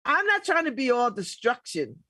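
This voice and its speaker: A woman's voice: on the high side, huge pitch swings, normal speed, pushed and bright, dry recording. A middle-aged woman hosting a casual political talk show, blunt and emphatic, laughing often. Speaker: radio host.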